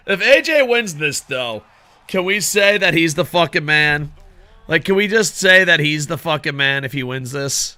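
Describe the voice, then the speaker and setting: A man giving casual, excitable video game commentary, swearing constantly and talking to his viewers as "boys.". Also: on the high side, moderate pace, no room sound. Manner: excitable, heavily profane, addresses viewers as boys. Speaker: gaming commentator.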